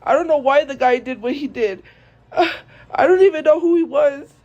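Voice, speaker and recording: A young woman streamer speaking to viewers in a tearful, halting way, grief-stricken and repeating herself. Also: high-pitched, a little mellow, highs cut off. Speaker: live streamer. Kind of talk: emotional monologue to viewers.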